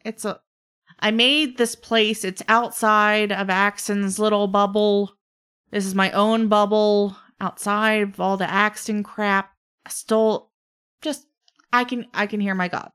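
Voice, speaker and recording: Trickster spirit, male, playful and bored, played by a woman, smooth voice, teasing drawl. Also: mid-range voice, fairly even intonation, a bit bright, pitched above the performer's own voice, close to an everyday voice. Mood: dismissive. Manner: teasing, drawn-out, chatty with trailing fillers.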